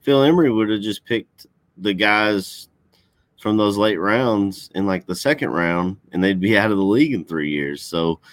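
Low-voiced man, blunt casual sports talk. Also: expressive, moderate pace, no echo. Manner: blunt, casual, swears freely. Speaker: podcast co-host. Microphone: computer call.

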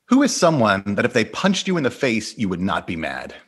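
A man's voice: on the low side, huge pitch swings, brisk, fairly bright tone, husky. A man hosting a casual interview podcast, upbeat and laughing often. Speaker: podcast host.

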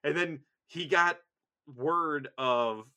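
A man's voice: fairly high pitch, extremely slow, bright, forceful tone. A man co-hosting a podcast in casual chat, rambling, profane and enthusiastic. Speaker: podcast co-host.

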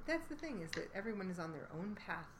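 A woman's voice: medium pitch, very animated, fast, crowd noise. A woman opera singer hosting a podcast, talking loosely with lots of "like" and "you know.". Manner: loose, filler-heavy talk with many "like" and "you know". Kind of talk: casual podcast chat.

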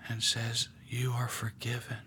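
A man leading a guided prayer meditation, speaking slowly and softly and often dropping to a whisper. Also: mid-range voice, completely flat delivery, slight background noise. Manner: slow, hushed, often whispering. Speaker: prayer leader.

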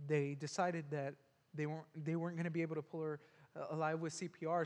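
A man telling a personal story earnestly, haltingly, with frequent restarts and repeated words. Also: fairly high pitch, big-room sound.

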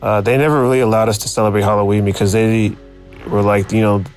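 A man's voice: lowish voice, fairly even intonation, quick pace, a little mellow, soft background music. A man casually telling a personal story, reflective and searching for his words. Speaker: guest storyteller.

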